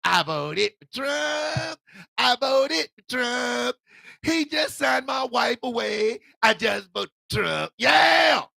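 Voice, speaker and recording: A man's voice: very high-pitched, big pitch swings, takes it slowly, vocal fry, no echo, studio quality, exaggerated voice. A man doing a panicked whiny voter. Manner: whiny, shouting, drawn out. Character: panicked naive male voter.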